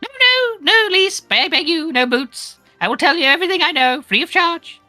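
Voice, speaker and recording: A woman's voice: very high-pitched, lively intonation, moderate pace, bright, forceful tone, no room sound, faint music behind, full character voice. A woman voicing a shifty, cowardly male informant who keeps fawning with "yes, yes" while reading game dialogue with friends. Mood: wheedling. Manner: wheedling, repeats "yes, yes".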